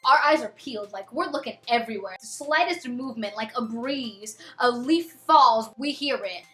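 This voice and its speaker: A young woman in her twenties telling a storytime vlog with excitable, dramatic, gushing fangirl energy. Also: a little high, moderate pace, faint music behind. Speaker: vlogger.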